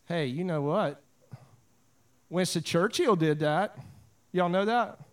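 High-voiced pastor preaching. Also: male voice, slow. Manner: casual storytelling with prayerful swells. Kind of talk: sermon.

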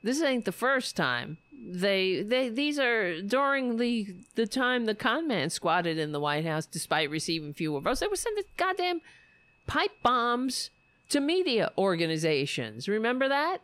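A woman hosting a political podcast, sneering and swearing freely as she rambles through her commentary. Her voice sits fairly high and leaps up and down, yet she takes her time. The sound is close and dry, with no room echo. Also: sing-song, a little slow, fairly bright tone. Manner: sarcastic, profane, mocking; rambling with self-corrections.

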